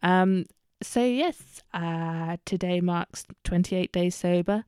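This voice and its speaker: Woman, solo podcast host: unhurried, candid, um-heavy chat, smooth tone, dry close mic. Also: mid-range voice, warm tone, dry recording. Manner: chatty, candid, many ums and self-corrections.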